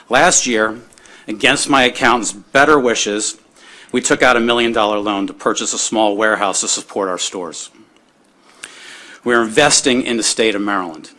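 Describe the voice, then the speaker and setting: Man, lowish voice, formal measured testimony, business owner. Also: sharp tone. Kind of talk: prepared public testimony.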